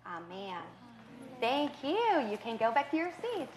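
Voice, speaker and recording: A woman leading a children's message and prayer, speaking simply with pauses and fillers. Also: high voice, very animated, loud music behind the voice. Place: church sanctuary. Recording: echoey church sanctuary.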